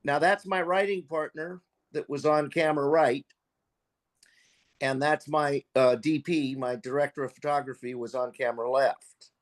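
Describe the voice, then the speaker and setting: A man, a filmmaker guest, telling a behind-the-scenes anecdote in a lively, profane way. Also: a little high, normal speed. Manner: animated, profane anecdote with acted quotes. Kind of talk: casual storytelling.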